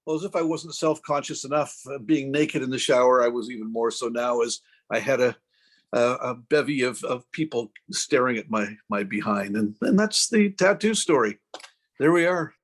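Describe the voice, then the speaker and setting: A man's voice: mid-range voice, moderate pace. A middle-aged man casually telling a self-deprecating story as a podcast co-host, acting out the voices of the people in it. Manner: anecdotal, self-deprecating, acts out quoted voices.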